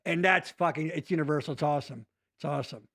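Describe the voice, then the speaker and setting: Speaking quickly in a fairly high voice, a man hosts a casual podcast chat. He's animated and profane, rambling as he hops from one thought to the next.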